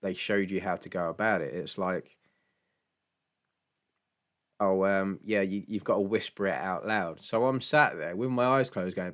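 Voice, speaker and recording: A man's voice: on the low side, moderate pace, fairly bright tone. A British man hosting a casual live stream Q&A, chatty and laughing often, with stammering restarts and jokey mock voices when quoting people. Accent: British English. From Britain.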